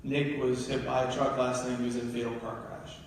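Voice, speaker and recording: A man's voice: medium pitch, level tone, a little fast, slight background noise. A man from New Jersey giving a live motivational speech to an audience in a large hall. He tells personal stories with feeling and asks the crowd questions. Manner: emotional storytelling, questions to the audience. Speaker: motivational speaker. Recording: echoey hall, from far off.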